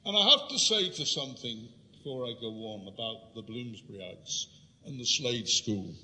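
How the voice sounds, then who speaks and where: A man's voice: mid-range voice, normal speed. A man from London giving an illustrated history lecture, telling stories and speaking directly to his audience. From London, England. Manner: lively storytelling, addressing the audience directly. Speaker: guest lecturer. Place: lecture room. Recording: reverberant lecture hall.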